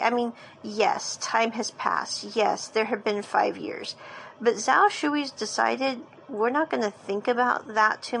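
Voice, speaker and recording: Woman, somewhat high pitch with vocal fry, chatty casual recap of a TV episode. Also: a bit bright, a little hiss or hum, poor audio. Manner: chatty storytelling with restarts. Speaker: drama reviewer.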